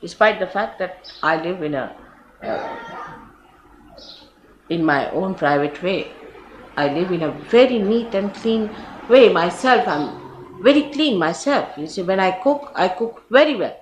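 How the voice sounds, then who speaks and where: Her mid-range voice expressive and her pace measured, a woman with an Indian English accent often pauses while giving an informal spiritual talk. She tells stories with laughter and chatty asides; the archive recording is roomy and faintly hissy.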